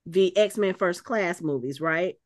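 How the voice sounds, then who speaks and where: A woman's voice: on the low side, takes it slowly. Rambling woman podcast host. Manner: thinks aloud, with many filler words and restarts. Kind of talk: casual chat.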